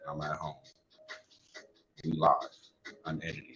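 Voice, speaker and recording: With a rumbling low, monotone voice carrying vocal fry and a fairly bright tone, this young podcast host speaks unhurriedly from home. His casual, unedited show rambles along with plenty of profanity, recorded dully through earphones.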